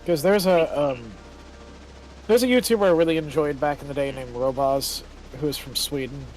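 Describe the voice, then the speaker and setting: A man's voice: fairly high pitch, moderate pace, darkish tone, faint music behind, poor audio. Man in loose, profane stream chat. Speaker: streamer host. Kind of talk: casual game-stream chat.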